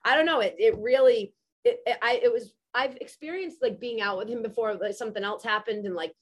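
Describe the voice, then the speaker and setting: A woman podcast host telling a story in a casual chat, animated and swearing freely. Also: a little high, brisk.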